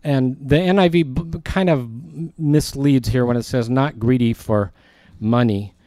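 A man's voice: medium pitch, fairly even intonation, measured pace, mellow, no room sound, studio quality. A man, a pastor, teaching through a Bible passage and reading verses aloud with earnest emphasis.

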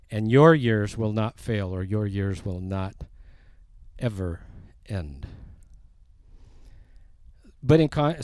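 Guy preaching through a bible passage, takes his time, mellow voice, gets louder on the quotes. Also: on the low side, no echo. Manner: slow, deliberate, rising for emphasis on quoted scripture. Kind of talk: verse-by-verse Bible teaching.

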